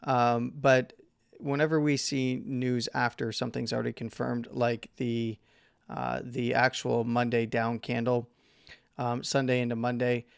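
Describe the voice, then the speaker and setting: A man's voice: medium pitch, flat delivery, unhurried, creaky, smooth, no room sound, studio quality. A man hosting a crypto market chart talk, losing his voice, rambling with fillers and self-corrections. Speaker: crypto market analyst host. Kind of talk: casual chart analysis talk.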